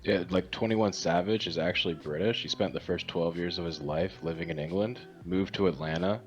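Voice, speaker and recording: A man's voice: deep voice, fairly quick, lo-fi sound, soft background music. A man co-hosting a podcast in casual chat, offhand and teasing as he eggs the others on. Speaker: podcast co-host.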